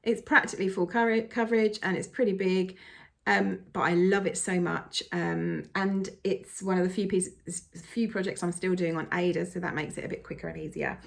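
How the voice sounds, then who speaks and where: A woman's voice: on the low side, normal speed, vocal fry. A woman, a cross-stitch vlogger gushing enthusiastically through a casual show-and-tell.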